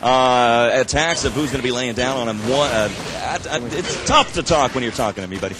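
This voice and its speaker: A man doing live esports play-by-play at an event, excitable and breathless, surging into shouts at big plays. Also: medium pitch, a little fast, hardly any pauses, background noise. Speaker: esports commentator.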